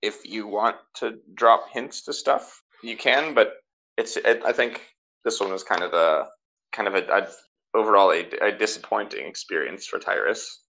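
A man narrating as game master for a tabletop game, halting often with fillers and restarts. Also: fairly low pitch, creaky, sharp tone, low-quality recording.

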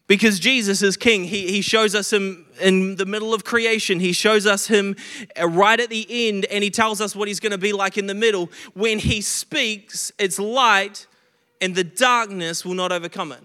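A man's voice: high voice, fairly even intonation, moderate pace, pushed and bright, clean tone, big-room sound. A man preaching a sermon, earnest, often stumbling and restarting as he stresses repeated phrases, a little short of breath. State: recovering from illness, short of breath.

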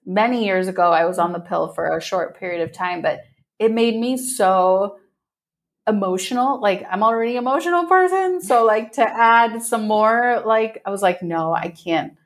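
A woman podcast host in an easygoing interview, her voice sitting at an ordinary middle pitch. She talks in an animated, effusive way, laughs often, and swears casually. Her tone stays loose and chatty. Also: normal speed.

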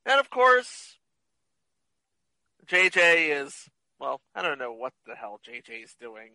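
A man joking casually through a movie commentary with quick asides. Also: a little high, very animated, creaky, pushed and bright, dry recording, poor audio. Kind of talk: casual commentary over a film.

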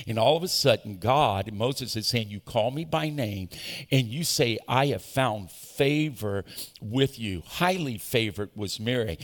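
A male pastor preaching an animated sermon, calling on the congregation to answer back. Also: medium pitch. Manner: animated preaching with call-and-response. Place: large church auditorium. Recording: echoey church hall.

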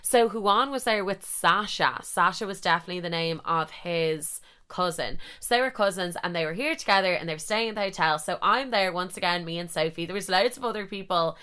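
A young woman in her twenties, a podcast host telling a story in casual chat, animated and swearing freely. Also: lowish voice, brisk, few pauses, smooth.

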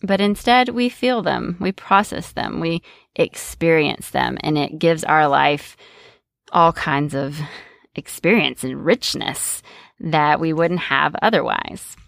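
A woman's voice: low voice, expressive, slow, creaky, a bit bright, dry recording, studio quality. A woman coaching in a conversational monologue, often checking in with "right?" and laughing lightly between points. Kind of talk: solo podcast-style monologue.

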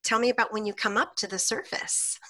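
A woman guest, a hypnotherapist, telling client stories in an animated way on a podcast and laughing often between lines. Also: a little high, a little fast. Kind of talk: podcast interview storytelling.

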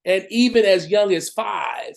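A man's voice: high-pitched, measured pace, creaky. A man in his forties, a podcast guest, speaking in an emphatic, affirming way in casual conversation.

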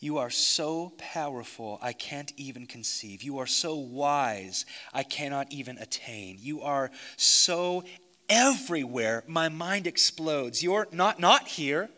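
A man preaching and praying aloud as pastor, swinging between hushed, intimate lines and fervent outbursts. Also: fairly high pitch, lively intonation, slow. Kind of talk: sermon and closing prayer. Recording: long reverb of a large hall.

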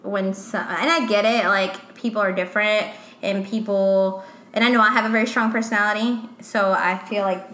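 A woman's voice: medium pitch, steady tone, moderate pace, fairly bright tone. A young woman co-hosting a podcast, chatting casually and animatedly with a friend, peppering her talk with "like" and acted-out quotes. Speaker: podcast co-host. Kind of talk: casual chat between friends. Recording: echoey room.

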